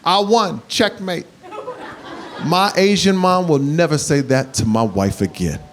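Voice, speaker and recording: A man doing stand-up comedy who tells animated stories and builds up to shouts. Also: fairly high pitch, a little slow. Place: comedy club stage. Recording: live club set with crowd laughter. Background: audience laughter and room hiss.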